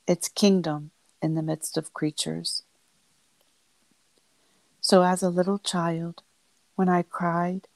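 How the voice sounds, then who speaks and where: A woman giving a solemn devotional reading, phrased in short, measured pieces. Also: lowish voice, gravelly, a little mellow, no room sound, low-quality recording. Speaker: reader of devotional texts.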